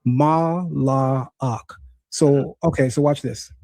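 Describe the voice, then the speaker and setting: A man's voice: medium pitch, normal speed, mellow, no room sound. A man hosting a streamed debate, insistent and corrective as he presses a guest on pronunciation. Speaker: host. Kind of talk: livestream debate on Hebrew pronunciation. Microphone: screen-sharing stream setup.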